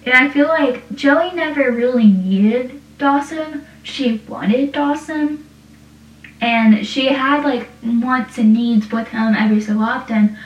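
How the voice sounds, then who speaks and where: A woman's voice: sits high, takes it slowly. A young woman chatting casually about a TV show, rambling and saying "like" constantly. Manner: rambling, heavy use of "like". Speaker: TV show reviewer. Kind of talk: casual chat. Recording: distant, roomy, dull-sounding.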